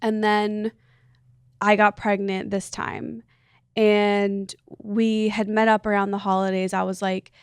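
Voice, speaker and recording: A woman's voice: medium pitch, level tone, slow pace, smooth, no room sound, studio quality. A woman in her thirties, a podcast guest, telling a personal story in a rambling, earnest way full of "like". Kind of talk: casual chat, personal storytelling.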